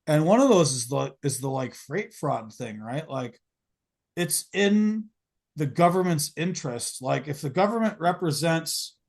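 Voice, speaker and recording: A man's voice: a little high, lively intonation, measured pace, creaky. A man hosting a podcast, talking casually in long, rambling runs full of fillers and restarts. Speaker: podcast host.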